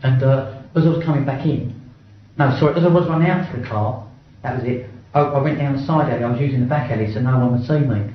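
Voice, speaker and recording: Middle-aged bloke, quick and blunt, swears a lot, restarts his sentences, really echoey room. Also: medium pitch, a little hiss or hum. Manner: blunt, swears often, stumbles and restarts while reliving events. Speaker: interviewee. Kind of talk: first-person account in an interview. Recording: very echoey, dull-sounding room recording.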